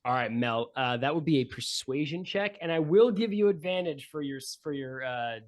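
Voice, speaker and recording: A man's voice: fairly high pitch, lively intonation, normal speed. A casual, joking male game master. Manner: casual and joking, with many fillers. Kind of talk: narrating a tabletop game.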